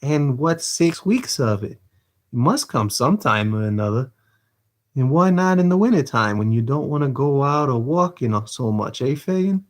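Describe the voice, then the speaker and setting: A man reading aloud voices a slow-witted young male thief who pleads defensively. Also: medium pitch, animated, natural voice. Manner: pleading, piles question on question.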